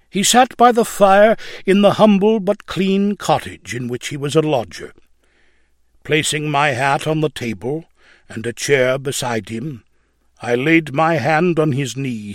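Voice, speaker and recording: Slow, solemn male story reader. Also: a little high, dry recording, studio quality. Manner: measured, solemn reading. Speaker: narrator. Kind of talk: scripted reading of a religious story.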